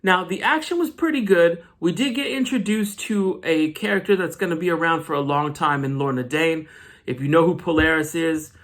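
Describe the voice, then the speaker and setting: A man's voice: a little high, moderate pace, fairly bright tone. A man recapping a comic book issue in a casual vlog, with joking, slangy asides.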